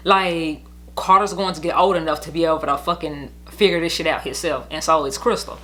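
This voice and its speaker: Young woman, storytime vlog, bright sharp voice, blunt, heated, rambling. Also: deep voice, moderate pace. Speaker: vlogger telling her custody story. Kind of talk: casual storytime monologue.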